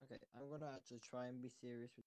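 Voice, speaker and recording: A man co-hosts a casual podcast, teasing the others with blunt, crude jokes. His pitch is middling and he is recorded close in a dry room. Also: level tone, racing, darkish tone, clear, resonant tone, dry recording. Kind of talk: casual chat.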